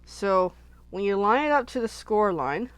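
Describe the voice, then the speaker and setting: Woman, craft host, casual live chat, rambling, thinking aloud, mid pitch. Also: lively intonation, measured pace, a little hiss or hum. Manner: chatty and rambling, thinks aloud while working.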